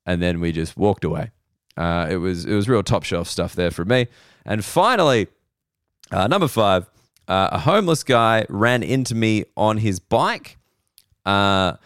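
Slow-talking Australian man, hoarse and deadpan. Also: fairly low pitch, no echo, clean studio sound. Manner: slow, rambling, self-deprecating storytelling. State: losing his voice. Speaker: comedian podcast host. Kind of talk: casual comedic monologue.

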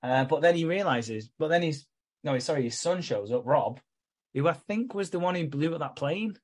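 A man co-hosting a casual podcast, recapping a soap with swearing and quick voiced asides. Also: on the high side, lively intonation, breathy edge. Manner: laughing, swearing, acting out characters in quick asides. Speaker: podcast co-host.

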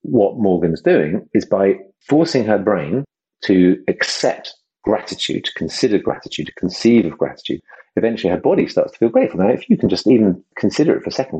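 A man hosting a casual podcast conversation, enthusiastic and self-deprecating, slipping into quick impressions. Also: sits low, a little mellow, breathy edge, highs cut off. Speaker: host and project creator.

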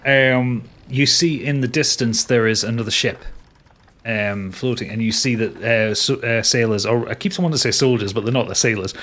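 A man's voice: mid-range voice, normal speed, a bit bright. A man narrating a tabletop game as game master, describing scenes and laughing with his players.

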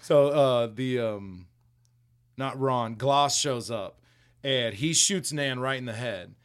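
A man's voice: mid-range voice, slow, fairly bright tone, clean tone. A man in a mid-range voice chats his way through a comic recap on a podcast. He rambles and swears freely, and often breaks into laughter as he retells scenes. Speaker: podcast co-host. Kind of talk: casual chat recapping a comic book.

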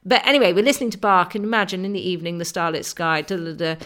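A middle-aged woman, an author, speaks in a fairly low register as she tells of her travels. She is vivid and enthusiastic, stacking up images and often restarting her sentences with um and uh. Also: rapid-fire, fairly bright tone. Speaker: author and travel writer, interview guest. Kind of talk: conversational storytelling.

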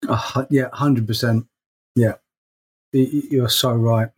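A middle-aged man with a slightly husky voice, talking earnestly in a casual podcast chat. He often repeats a word as he lands on a point. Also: medium pitch, fairly even intonation, slow pace. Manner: earnest, repeats words when emphatic. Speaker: podcast co-host.

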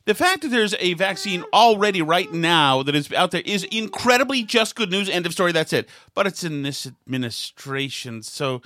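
A man's voice: sits high, lively intonation, normal speed, hardly any pauses, pushed and bright, no room sound. A middle-aged man hosting a talk show, riffing in a mocking, rambling way on the news. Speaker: show host. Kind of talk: sarcastic political commentary chat.

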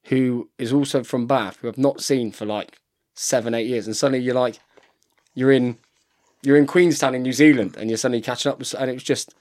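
Here a thirty-something rugby player chats loosely on a podcast, spinning yarns with "mate" in nearly every line. He speaks a little fast in a mid-range, darkish voice with fairly even intonation.

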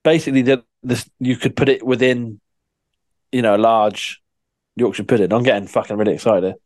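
A man's voice: medium pitch, fairly even intonation, darkish tone, no echo. Male co-host, eager teasing banter, dry close sound. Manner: eager, teasing, quick to laugh. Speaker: podcast co-host. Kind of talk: casual banter.

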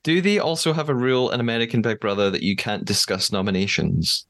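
A man's voice: fairly low pitch, quick pace, a bit bright. Chatty male podcast host. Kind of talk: casual podcast chat.

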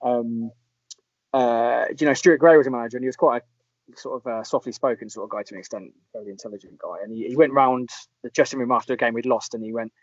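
A man, chatting casually as a podcast host and telling animated anecdotes. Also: medium pitch, fast talker, no room sound. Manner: lively storyteller, puts on voices in anecdotes. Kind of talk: casual chat. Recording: dull lo-fi sound.

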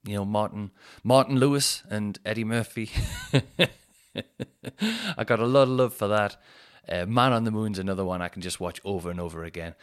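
A man hosting a casual solo podcast, rambling and self-deprecating, swearing now and then. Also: on the low side. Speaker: comedian podcast host.

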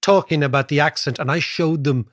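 Irish male podcast co-host, husky, fast and animated, dry close mic. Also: a little high, no echo. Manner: animated, quick storyteller, keeps asking "right?". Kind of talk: casual chat.

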